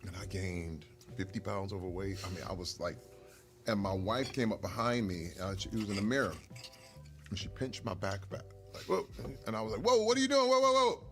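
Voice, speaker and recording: A middle-aged man, a retired football player and guest, telling stories over a meal in an animated way, laughing often. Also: low-pitched, a little fast, music in the background. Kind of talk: casual storytelling over a meal.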